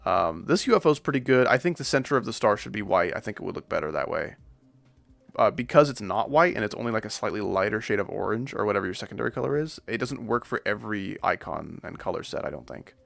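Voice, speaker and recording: Gravelly-voiced man rambling through gaming commentary. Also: lowish voice, very animated, fast, a bit bright, no room sound. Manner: rambling, jokey, self-deprecating. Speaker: streamer.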